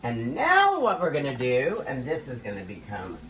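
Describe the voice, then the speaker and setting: A woman's voice: very deep voice, wildly swooping pitch, moderate pace, slight background noise. An older woman hosting a casual home cooking demonstration, playful and theatrical, joking about her own skills. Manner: playful, theatrical, self-mocking boasts. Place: home kitchen.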